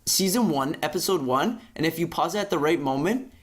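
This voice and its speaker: A young man with a slightly high voice chats on a podcast. He rants in a casual, profane way, and his voice jumps sharply upward when he gets worked up. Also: normal speed. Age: young adult. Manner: profane, animated ranting with sudden pitch jumps. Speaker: podcast co-host. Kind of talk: casual chat.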